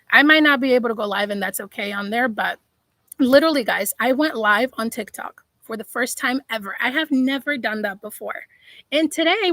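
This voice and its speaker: A woman's voice: sits high, fairly bright tone, dry recording, low-quality recording. A woman life coach talking live to her viewers, emphatic and preachy, calling them y'all. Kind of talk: live-stream motivational talk.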